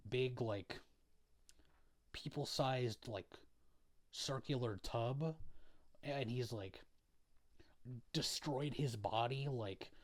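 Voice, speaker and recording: A man's voice: mid-range voice, darkish tone. Laid-back young man rambling casually. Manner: rambling, profane, filler-heavy, laid-back. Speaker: video creator. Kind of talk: casual recap chat to camera.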